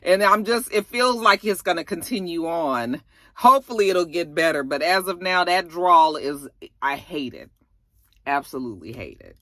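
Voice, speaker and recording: A woman recapping a TV episode in a sassy, expressive, slangy casual style. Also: lowish voice, moderate pace, dry recording, studio quality. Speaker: TV show reviewer.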